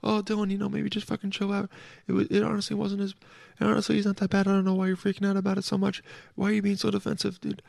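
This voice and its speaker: Hushed mocking heckler, as a man puts him on, high and quiet, teasing. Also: monotone, rapid-fire, creaky, no echo, studio quality. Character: imagined listener teasing the host, hushed and high.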